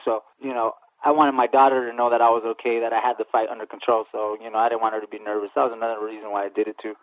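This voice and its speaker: A man, a professional boxer, answering interview questions in a quick, earnest way and often repeating words as he starts a thought. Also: mid-range voice, flat delivery. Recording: tinny phone-like radio sound, dry.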